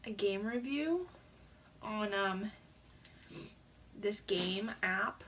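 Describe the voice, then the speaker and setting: A woman's voice: medium pitch, lively intonation, extremely slow, fairly bright tone, slight background noise. A teenage girl talking casually on her vlog, rambling with lots of fillers and sounding teary after crying. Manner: rambling, filler-heavy storytelling. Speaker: vlogger.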